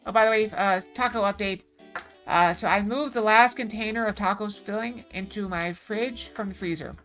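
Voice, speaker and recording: A woman's voice: mid-range voice, normal speed, a bit bright. A woman streamer chatting casually during a game stream, with chatty, filler-heavy asides. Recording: game music playing underneath.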